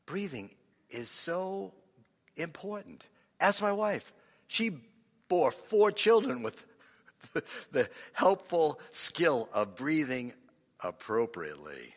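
An older man preaching a sermon, slow and meditative, leading breathing and dropping into breathy whispers, with sighs and soft chuckles. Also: on the high side, very animated. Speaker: pastor. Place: church. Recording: large hall with long reverb.

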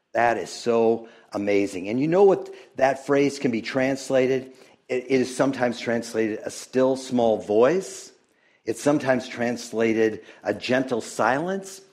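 Expressive preacher man, swinging loud to hushed. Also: mid-range voice, slow. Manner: chuckles often, with hesitant restarts. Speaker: pastor. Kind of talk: sermon.

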